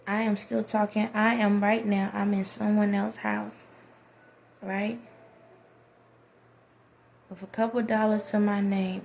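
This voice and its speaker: Gravelly woman giving a pep talk. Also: medium pitch, warm tone, a little hiss or hum. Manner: preachy, repeats "okay?" to check in with viewers. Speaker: vlogger. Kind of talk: motivational monologue to camera. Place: someone else's house.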